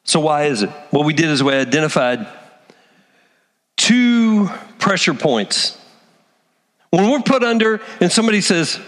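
A man preaching a sermon, animated, acting out the voices of people he quotes. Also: on the high side, measured pace, long pauses, in a large hall. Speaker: pastor.

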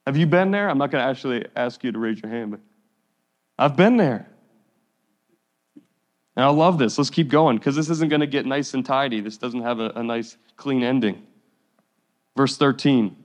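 A man preaching a sermon as pastor, earnest and pleading, reading scripture slowly. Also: medium pitch. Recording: long reverb of a hall.

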